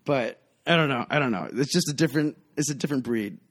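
Man, thirties, bartender guest; chatty, animated storyteller with a middle-pitched voice. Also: fast. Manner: animated storyteller, acts out quoted voices loudly. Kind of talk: casual podcast storytelling.

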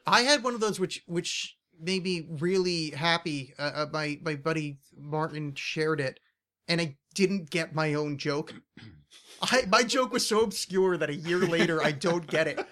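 A man's voice: fairly high pitch, unhurried, pushed and bright. A man hosting a podcast in casual chat, rambling, laughing often and swearing freely. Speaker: podcast host.

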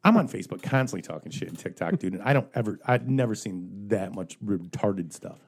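A man's voice: lowish voice, expressive, fairly quick, husky. A man ranting in casual podcast chat, profane and joking.

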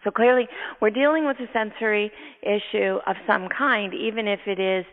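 A woman host telling a story from her work in a lively, animated way, now and then laughing and acting out her own thoughts. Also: mid-range voice, normal speed. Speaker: neurotherapist and podcast host. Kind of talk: storytelling in casual chat. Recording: tinny phone-line sound with long reverb.

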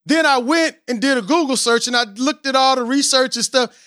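A man hosting a podcast in a casual, animated way, mocking himself as he tries to rap and then explaining with preacherly emphasis. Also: very high-pitched, a little fast, no room sound, studio quality. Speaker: podcast host. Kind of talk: casual podcast intro with attempts at rapping.

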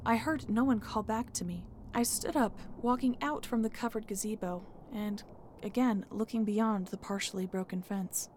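A woman telling a first-person story in a calm, measured narration. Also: medium pitch, slight background noise. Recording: music bed under the voice.

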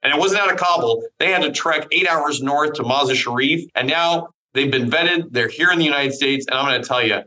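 A man's voice: on the high side, pushed and bright, a little hiss or hum, rough recording. A middle-aged man from Iowa, a congressman speaking earnestly and firmly in a political interview. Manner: earnest, firm, measured speech. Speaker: congressman guest.

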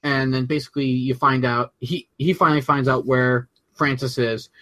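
A man co-hosting a podcast in casual chat, adding background facts and walking through the plot in a relaxed way. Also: mid-range voice, normal speed. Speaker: podcast co-host.

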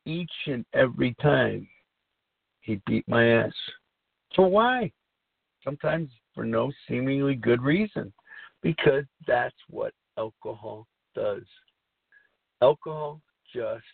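A man's voice: medium pitch, sing-song, slow pace, creaky, pauses often, breathy edge, dry recording. A middle-aged man hosting a recovery talk show, speaking in a rambling, earnest way and repeating himself. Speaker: podcast host. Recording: tinny phone-like line.

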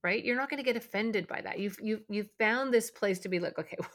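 A middle-aged woman hosting a parenting podcast, talking in a calm, reflective way with frequent fillers and restarts. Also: mid-range voice, fairly quick. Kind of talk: casual podcast talk.

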